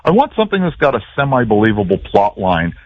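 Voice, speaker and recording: A man's voice: on the low side, big pitch swings, quick pace, dry recording, dull audio. A man, a football play-by-play announcer chatting as a radio guest and telling stories in a self-deprecating way. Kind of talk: casual radio chat.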